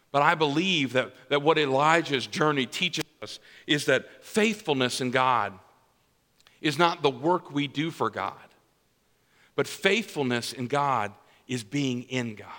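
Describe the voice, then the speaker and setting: Male pastor, bright and forceful, slightly high voice; chatty sermon delivery with restarts; long church reverb. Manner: conversational preaching with repeated restarts and "right?" tag questions. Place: church sanctuary.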